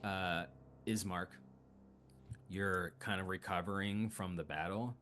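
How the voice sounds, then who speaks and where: Slow, low-voiced man game master. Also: fairly even intonation, a bit bright, faint music behind. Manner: slow, hesitant narration with many fillers. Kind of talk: narrating a tabletop game.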